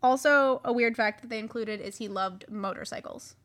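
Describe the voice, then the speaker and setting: A woman's voice: on the high side, normal speed, a bit bright. A young woman co-hosting a true crime podcast, telling the case in casual chat with many fillers and restarts. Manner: chatty, many likes and restarts. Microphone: podcast mic.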